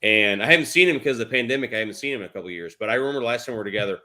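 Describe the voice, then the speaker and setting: A man hosting a podcast, telling a story in a casual, animated way and swearing freely. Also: medium pitch, racing. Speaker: podcast host.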